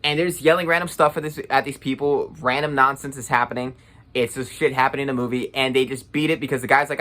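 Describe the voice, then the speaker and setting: A man's voice: mid-range voice, fairly even intonation, fast, bright, forceful tone. A young man giving a casual, blunt and profane movie review rant, full of sarcasm.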